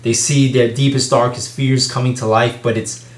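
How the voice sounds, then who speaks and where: A man talks through a movie review in a loose, casual way. He rambles, leans on "you know" and "um", and swears freely. His medium-pitched voice sounds roomy and echoey. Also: little pitch movement, normal speed. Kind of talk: casual spoken film review. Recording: echoey room.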